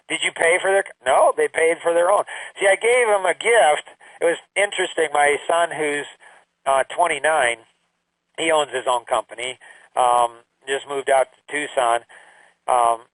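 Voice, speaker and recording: A middle-aged man tells parenting stories in a loose, conversational way. His voice sits a bit high, and the sound is dry and close. He repeats phrases and acts out the quotes. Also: fairly even intonation, unhurried, fairly bright tone, no echo, poor audio. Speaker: speaker telling parenting stories. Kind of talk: casual storytelling talk.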